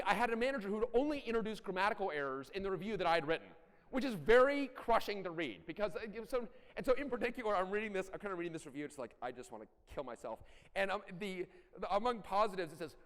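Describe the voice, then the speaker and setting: A middle-aged man giving a conference talk, animated and blunt, with self-deprecating asides and occasional profanity. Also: high-pitched, quick pace. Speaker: conference speaker. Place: large conference hall. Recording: echoey hall.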